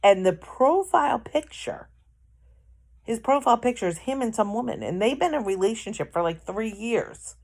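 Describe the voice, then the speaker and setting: A woman's voice: a little high, expressive, normal speed, vocal fry, darkish tone. A woman telling a rambling personal anecdote in a casual vlog, correcting herself as she goes. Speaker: vlogger. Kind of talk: casual storytelling.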